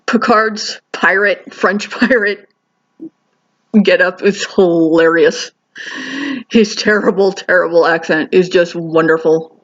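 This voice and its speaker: A woman with a lowish voice and fairly even intonation speaks slowly while giving a casual spoken review of a TV episode. She's chatty and enthusiastic, often restarting sentences and wandering into asides, and the recording sounds a little dull and lo-fi.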